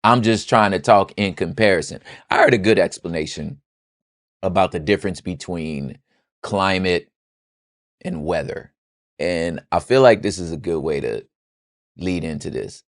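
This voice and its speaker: Young male podcast host, low voice, dry close sound, slangy and joking. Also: moderate pace, dry recording. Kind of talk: comedic political commentary.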